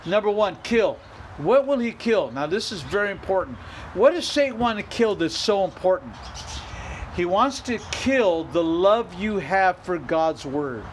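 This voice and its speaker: A man's voice: high-pitched, animated, unhurried, slight background noise, poor audio. A middle-aged male pastor preaching a sermon, emphatic, repeating phrases and rising into bursts of exhortation.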